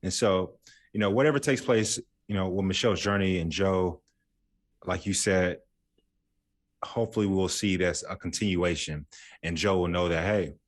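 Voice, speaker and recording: A man hosting a relaxed podcast chat. His voice is low, and he tells stories with a joking, folksy touch. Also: normal speed. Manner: joking storyteller, folksy asides. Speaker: podcast host. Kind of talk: casual chat.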